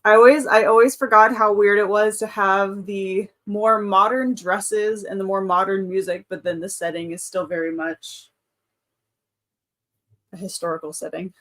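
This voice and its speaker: A woman's voice: mid-range voice, steady tone, moderate pace, a bit bright. Chatty woman hosting a reading stream. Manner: chatty, reads out chat comments, frequent laughs. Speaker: livestream host. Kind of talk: casual live-stream chat.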